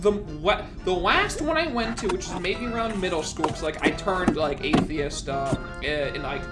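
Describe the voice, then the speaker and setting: A woman's voice: fairly low pitch, lively intonation, normal speed, loud music behind the voice. A young woman streamer in casual chat with friends, swearing freely, laughing often and rambling with restarts.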